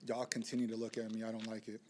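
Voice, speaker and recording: A young man giving a lively lightning talk, joking with the audience and pushing them into call-and-response. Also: lowish voice, rapid-fire, noisy background. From southeast side of Chicago. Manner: playful, rallying crowd call-and-response. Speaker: community organizer speaker. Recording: reverberant hall, live talk.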